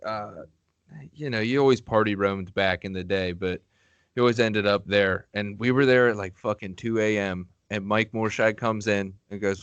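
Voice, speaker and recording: A man's voice: fairly low pitch, fairly even intonation, brisk, fairly bright tone, clean tone, no echo, highs cut off. A man co-hosting a podcast who tells a laid-back, swearing story about a late-night drive. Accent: Western Pennsylvania. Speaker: podcast co-host. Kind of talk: casual chat.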